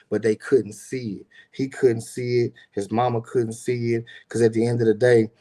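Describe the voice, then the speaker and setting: A man's voice: lowish voice, dark tone. A middle-aged man casually telling a personal story as a podcast host, loose and conversational, with lots of "you know what I'm saying".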